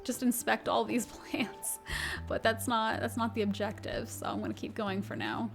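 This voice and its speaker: Gushing woman gamer with a gravelly edge. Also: a little high, big pitch swings, normal speed, soft background music. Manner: gushing, giggly, chatty. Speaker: let's play host. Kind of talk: casual gameplay commentary.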